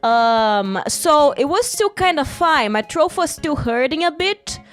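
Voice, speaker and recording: A woman's voice: sits high, very animated, unhurried, a bit bright. A woman streamer in casual livestream chat, rambling and giggly, greeting chat mid-story, still getting over a sore throat and cough.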